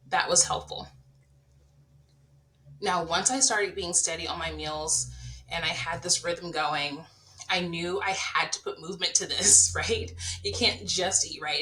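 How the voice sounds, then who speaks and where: Bright-voiced woman, candid podcast chat. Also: on the low side, slight background noise, rough recording. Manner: earnest, confessional, addresses listeners directly. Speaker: podcast host.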